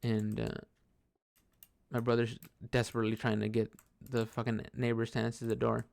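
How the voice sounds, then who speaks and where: A man's voice: medium pitch, completely flat delivery, moderate pace, gravelly, darkish tone. A man telling a personal story in a rambling, casual way, swearing often and restarting sentences while he plays a computer game. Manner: rambling, profane, many fillers and restarts.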